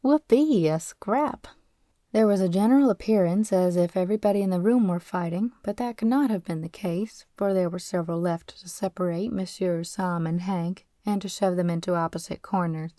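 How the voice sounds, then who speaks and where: A woman narrating a novel as an audiobook, reading in a steady, expressive way. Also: lowish voice, brisk, few pauses, no room sound, clean studio sound.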